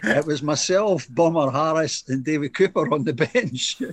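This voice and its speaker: A man's voice: on the high side, expressive, moderate pace, a crowd in the background. A Scottish man in his fifties, a former footballer, telling a match story in casual chat, acting out quotes and laughing often.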